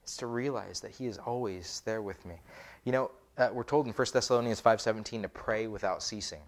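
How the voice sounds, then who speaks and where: A man's voice: fairly low pitch, fairly quick. A man, a pastor, preaching a conversational sermon with many rhetorical questions. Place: church.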